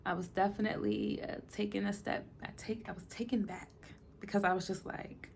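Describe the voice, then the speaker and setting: Emotional woman with a gravelly voice. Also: medium pitch, level tone, a little fast, few pauses. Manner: emotional, swings between soft near-whispers and emphatic bursts. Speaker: vlogger. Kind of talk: personal update talking to camera.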